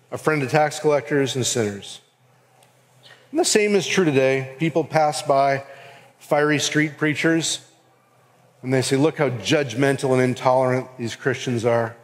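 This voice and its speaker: In a church sanctuary with a long hall reverb, a Southern-accented pastor preaches earnestly in a mid-range voice at normal speed, pausing often. He performs the voices of those he quotes.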